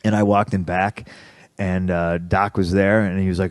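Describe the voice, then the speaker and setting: A man's voice: sits low, level tone, normal speed, no echo, clean studio sound. Profane, heated man telling a story. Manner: profane, heated retelling with acted-out quotes. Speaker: podcast guest. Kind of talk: casual storytelling in a podcast interview.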